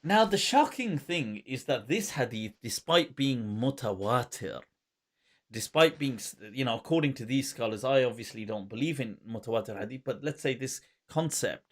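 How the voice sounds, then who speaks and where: Lively man hosting, quick laughs. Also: mid-range voice. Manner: animated, laughs often, scholarly asides in Arabic terms. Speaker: host. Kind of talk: casual podcast conversation.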